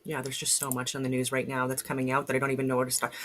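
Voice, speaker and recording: A woman's voice: extremely low pitch, monotone, very fast, a bit bright. A woman vlogs from home in a blunt, fired-up voice. She swears freely and rambles, often stopping to restart a thought. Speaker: vlogger. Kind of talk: casual commentary to camera. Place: at home in a log house.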